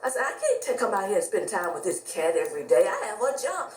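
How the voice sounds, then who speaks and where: Woman storyteller, lively pitch, roomy distant mic, faint background hum. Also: quick pace, hardly any pauses. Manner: animated, acts out both sides of conversations. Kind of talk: casual storytelling.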